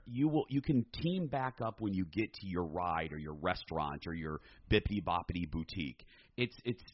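A man co-hosting a podcast in casual chat, animated and campy with sassy asides. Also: fairly low pitch, brisk, highs cut off, a little hiss or hum. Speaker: podcast co-host.

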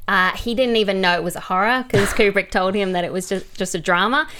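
A woman's voice: mid-range voice, fast, background noise. A woman co-hosting a casual film podcast, chatty and easily amused. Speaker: co-host.

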